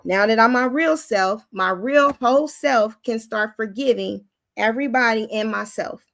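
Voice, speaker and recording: A woman host giving an informal, animated spoken teaching in a casual, plain-spoken way. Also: fairly high pitch, moderate pace, vocal fry, dry recording, studio quality.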